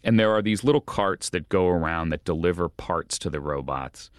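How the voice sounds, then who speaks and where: A man, a journalist guest in an interview, telling a story in an animated way with stumbling restarts and amused asides. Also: low-pitched, normal speed, clean tone, no echo, clean studio sound.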